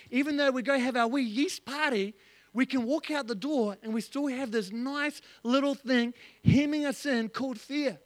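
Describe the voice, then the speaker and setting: A male pastor delivers a sermon in a church, his voice sitting strikingly high. He talks in an animated, joking way and slips into little acted-out voices. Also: dry recording.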